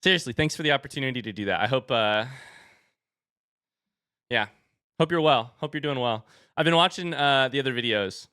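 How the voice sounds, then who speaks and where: A man's voice: mid-range voice, expressive, a little fast, sharp tone, clean tone, dry recording, studio quality. A young man streaming a game live, chatting and joking with his viewers, out of breath after running upstairs. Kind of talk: casual live-stream chat.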